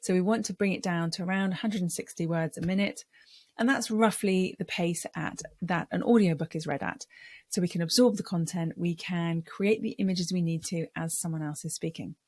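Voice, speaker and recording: A woman speaking coach teaching to camera in a clear, deliberate way, sometimes acting out voice styles. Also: fairly low pitch, a little mellow, no room sound.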